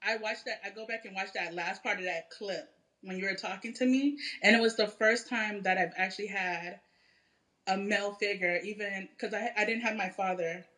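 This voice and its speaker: A woman's voice: medium pitch, steady tone, normal speed, a bit bright. A woman who is a guest on a talk show, speaking hesitantly with many fillers. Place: TV studio.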